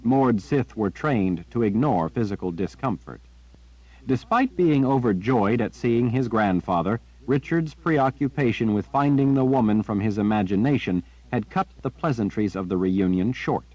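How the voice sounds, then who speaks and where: A man narrating an audiobook in a steady, measured storytelling manner. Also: fairly low pitch, dry recording. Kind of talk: scripted narration. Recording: dry, dull lo-fi.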